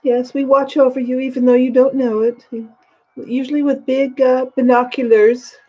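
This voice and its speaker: A woman's voice: high voice, level tone, moderate pace, a little mellow, muffled recording. An older woman doing a gushing posh English queen. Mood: gracious. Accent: put-on upper-class English. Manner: gushing, genteel, greets viewers as darling. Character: elderly posh British queen, gracious and gushing. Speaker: livestream host. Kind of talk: live chat in character, greeting viewers. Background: faint background music.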